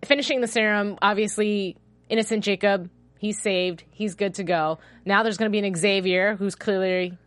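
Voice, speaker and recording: A woman chatting casually about a TV show, animated and quick to laugh at herself. Her voice sits in a middle register. The sound is dry and close. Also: medium pitch, no room sound. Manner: animated, self-deprecating, trails off and restarts. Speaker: podcast co-host. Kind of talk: casual TV recap chat.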